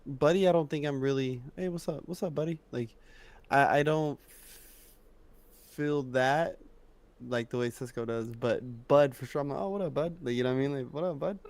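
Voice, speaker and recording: Relaxed reflective man in casual chat. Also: medium pitch, normal speed, dry recording. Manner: relaxed, reflective, says "like" and "bro" a lot. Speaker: podcast co-host.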